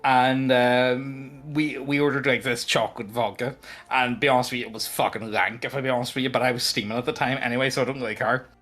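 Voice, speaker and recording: A man's voice: medium pitch, level tone, a little fast, a bit bright. A man playing a tabletop game who tells rambling, joking stories full of fillers. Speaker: player. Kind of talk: casual tabletop role-play chat.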